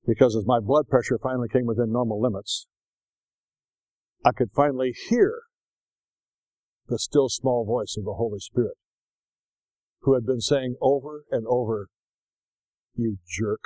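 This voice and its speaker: An older man preaching in a folksy, animated storytelling manner, acting out voices now and then. His voice sits at an ordinary pitch for a man. The sound is dry and close, with almost no room around it. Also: moderate pace, long pauses, no echo, low-quality recording. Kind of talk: sermon.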